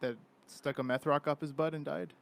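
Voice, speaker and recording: A man's voice: a little high, steady tone, normal speed, creaky, no room sound. A man from Pomona, California, chatting casually on a podcast in a laid-back way, laughing through his words. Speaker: podcast guest. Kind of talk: casual chat.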